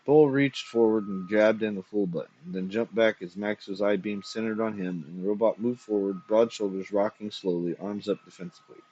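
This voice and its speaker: A man giving a dramatic story reading in a steady, measured way with a husky voice. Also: on the low side. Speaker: reader. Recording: dull lo-fi recording.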